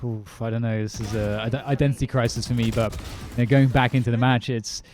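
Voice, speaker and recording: A young man casting an esports match play-by-play, brisk and light-hearted, with self-deprecating jokes. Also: medium pitch, fairly even intonation, darkish tone, a little hiss or hum. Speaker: esports caster. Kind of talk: play-by-play commentary. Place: lives in California, casting remotely from London.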